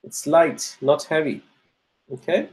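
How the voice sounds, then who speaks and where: A male teacher slowly working through grammar exercises in class, repeating each answer and checking in with the students. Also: fairly high pitch, poor audio. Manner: slow and repetitive, restates each answer; checks in with "okay?" and "right?".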